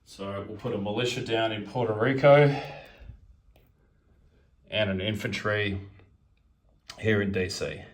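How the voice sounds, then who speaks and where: A man's voice: fairly low pitch, a little slow, pauses often. A man narrating his turn in a strategy board game, methodically counting units and pieces aloud as he moves them.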